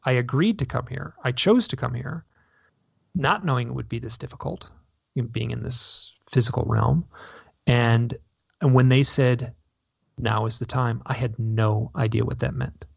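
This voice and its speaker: A North American man, a guest in an interview, rambles through his story and keeps restarting sentences. His mid-range voice is creaky and slightly rough at normal speed, with no echo, though the radio audio is dull and lo-fi.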